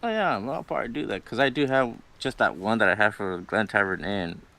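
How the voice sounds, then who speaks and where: Young man, very deep voice, rambling story, swears, laughs here and there. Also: animated, brisk, gravelly, pushed and bright. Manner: rambling, swears freely, laughs between lines. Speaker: guest storyteller. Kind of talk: casual storytelling on a livestream.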